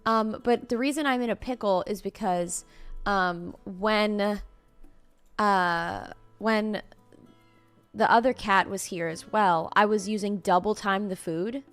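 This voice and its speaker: A woman's voice: mid-range voice, slow pace, fairly bright tone, clear, resonant tone, soft background music. A woman streamer in casual chat with her viewers, playful, laughing and swearing freely.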